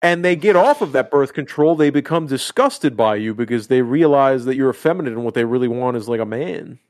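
A man's voice: mid-range voice, expressive, brisk. A man co-hosting a podcast, rambling and swearing in casual chat. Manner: rambling, profane, storytelling with acted quotes. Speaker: podcast co-host.

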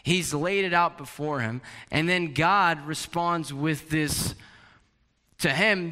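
A man preaching a sermon, animated, sometimes acting out a prophet's anguished questions. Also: on the high side, slow pace. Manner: animated, acts out Habakkuk's questions. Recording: long hall reverb.

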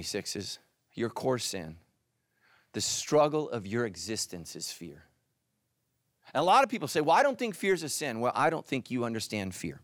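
A middle-aged male pastor preaching a sermon, animated, dropping into soft intense asides. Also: no room sound, studio quality. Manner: animated, voices quoted characters with jumps in pitch.

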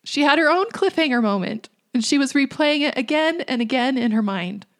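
A woman in her thirties giving a reflective devotional talk in a gentle, earnest way, sometimes dropping to a hush. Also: high voice, animated, brisk. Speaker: faith speaker.

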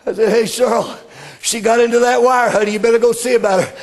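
A middle-aged man, preaching a sermon with fervor, often rising into shouted exclamations. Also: extremely high pitch, fairly even intonation, quick pace.

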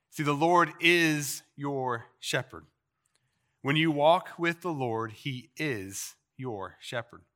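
A man preaching a sermon as a pastor, slowing down to stress key phrases and letting his sentence endings drop soft and quiet. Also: medium pitch. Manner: preaching with slow emphatic repetitions and trailing quiet phrase endings. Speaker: pastor teaching a Bible series.

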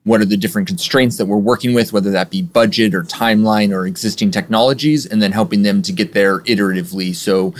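Man, low voice, casual interview guest explaining his business, lots of "you know". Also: fast talker, few pauses. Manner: relaxed, filler-heavy explaining. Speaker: guest, software agency owner.

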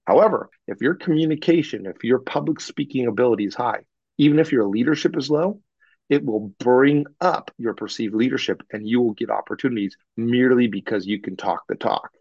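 A man working as a communication coach, telling animated stories about clients and acting out what they said in an interview. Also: mid-range voice, a little fast, breathy edge, no echo, dull audio. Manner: animated anecdotes, acts out clients in quoted voices. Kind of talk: podcast interview, storytelling.

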